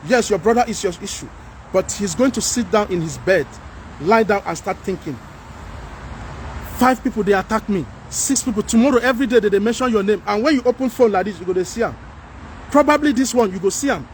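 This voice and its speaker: A man with a Nigerian accent hosting a livestream, talking to viewers and reading their comments in an animated, pleading way. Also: high-pitched, slight background noise. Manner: animated, pleading, mixes in Pidgin. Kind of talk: casual livestream talk.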